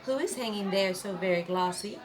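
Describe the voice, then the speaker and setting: A woman's voice: mid-range voice, fairly quick, close to an everyday voice. A woman voicing a dainty, timid female peanut, nervous.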